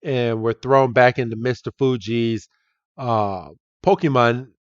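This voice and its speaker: A man's voice: mid-range voice, steady tone, clear, resonant tone, no room sound, highs cut off. A man co-hosting a podcast, casually recapping an episode and acting out the characters' lines. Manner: slow retelling with acted-out quotes. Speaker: podcast co-host.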